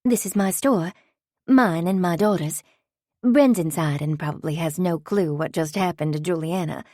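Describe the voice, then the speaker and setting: Woman doing a mellow, dreamy older lady who runs a shop, storybook, dry close sound. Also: lowish voice, moderate pace, no echo, lightly acted. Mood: soft. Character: Celeste, gentle older artsy shopkeeper woman.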